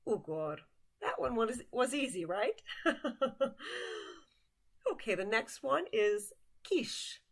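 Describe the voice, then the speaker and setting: A woman's voice: fairly high pitch, sing-song, takes it slowly, creaky, long pauses. A woman teaching vocabulary in a patient way, repeating each word and asking the listener to say it with her. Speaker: language teacher. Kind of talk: slow vocabulary lesson.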